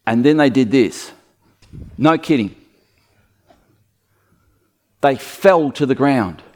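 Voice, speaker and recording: Male preacher, conversational sermon, animated delivery, acts out quotes. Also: medium pitch, takes it slowly.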